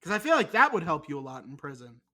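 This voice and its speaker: A young man chatting on a casual podcast, his voice sitting a little high for a man. He rambles, swears freely and pokes fun at himself as he talks. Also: big pitch swings, quick pace, sharp tone. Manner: profane, rambling, self-mocking. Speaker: podcast co-host. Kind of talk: casual chat.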